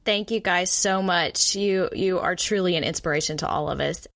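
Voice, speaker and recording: A woman's voice: lowish voice, normal speed, vocal fry, a bit bright, no room sound, studio quality. Effusive woman podcast co-host. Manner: effusive, upbeat, praising. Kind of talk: enthusiastic interview chat.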